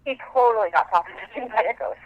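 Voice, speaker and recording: A woman's voice: mid-range voice, quick pace. A woman from Montana calling in to a show by phone, telling a story in a chatty, rambling way. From Montana, USA. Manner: chatty, rambling with many fillers. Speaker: caller. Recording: dull phone-line audio.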